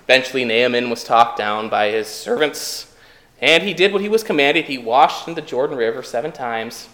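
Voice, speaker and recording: A man's voice: medium pitch, lively intonation, normal speed, fairly bright tone, echoey room. A man preaching a sermon in a conversational way, asking the listeners rhetorical questions.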